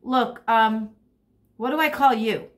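A woman's voice: a little high, slow, voice pushed up. Teacher voicing a fed-up grumpy cat guy, insisting, storybook style. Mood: exasperated. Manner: exasperated, insistent. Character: grumpy young male house cat.

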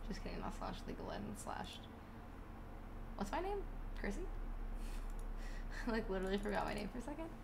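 A woman's voice: medium pitch, sing-song, moderate pace, gravelly, long pauses, background noise. A woman chatting casually on a live gaming stream, giggly and scattered, often breaking into laughs.

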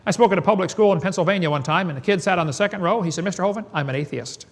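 A man's voice: high voice, racing. A man giving a preaching lecture to an audience in a folksy, emphatic way, firing off rhetorical questions and chuckling. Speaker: creationist seminar speaker.

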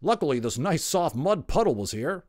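A man voices a clumsy, proud father otter in a storybook, sounding gruff and bristling. His delivery is very animated at a normal speed, pitched on the high side above his own natural voice and a little mellow, in a dry, clean studio recording.

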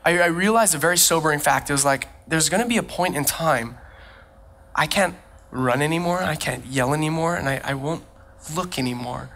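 A man preaching a sermon as a pastor, who tells lively personal stories and laughs often. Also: on the high side, brisk. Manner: animated storytelling, frequent laughs.

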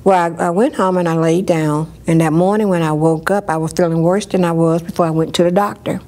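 A woman telling a personal story in an interview, lively, and she acts out what others said. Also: fairly low pitch, a little fast. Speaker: storyteller sharing her life.

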